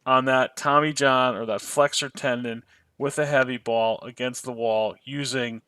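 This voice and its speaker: A man co-hosting a podcast, talking in an emphatic, exasperated and animated way. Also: medium pitch, normal speed, clean tone, no room sound. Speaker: podcast co-host. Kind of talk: casual podcast discussion.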